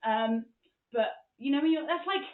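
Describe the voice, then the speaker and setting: Frank, sweary and animated, a podcast host retells comic stories in a monologue, using a high voice at a moderate pace. The sound is echoey with a tinny, phone-like quality.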